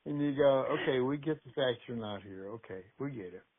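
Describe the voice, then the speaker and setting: A man's voice: medium pitch, a little fast. Older Texan man, phone-line sound, chatty storyteller guest. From Texas. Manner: storytelling, laughs easily. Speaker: musician guest. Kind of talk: phone interview.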